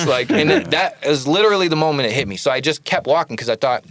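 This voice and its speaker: A man telling a story as a podcast guest, animated and full of casual "like"s, acting out the lines he quotes. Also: a little high, fast, hardly any pauses. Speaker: podcast guest, studio owner.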